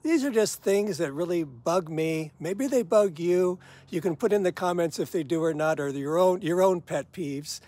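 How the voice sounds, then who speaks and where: A man's voice: sits high, normal speed, hardly any pauses, warm tone. An older man chatting to camera about everyday gripes, wry and easygoing, often laughing at himself. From United States. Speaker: vlogger. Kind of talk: casual talk to camera.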